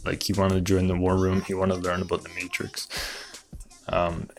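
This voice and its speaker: A man presenting memes in a comedic, rambling conspiracy monologue, deadpan and full of asides. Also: sits low, normal speed.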